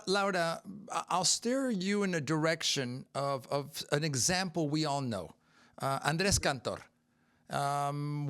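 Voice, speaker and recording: A man's voice: a little high, a bit bright, smooth. A man hosting a podcast who leads the discussion with probing, pushy questions to his co-hosts. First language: Spanish. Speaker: podcast host. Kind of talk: casual panel chat.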